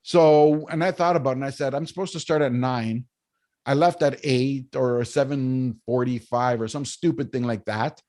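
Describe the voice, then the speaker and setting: Male guest, lively anecdote teller, mid-range voice, easygoing and chatty. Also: mid-range voice, normal speed. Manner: animated storyteller, keeps asking "right?". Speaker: podcast guest, business coach. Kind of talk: casual storytelling interview.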